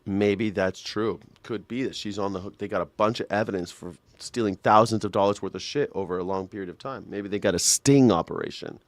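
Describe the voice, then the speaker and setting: A man's voice: fairly low pitch, a little fast, few pauses. A man hosting a live reaction show, ranting in a profane, sarcastic way.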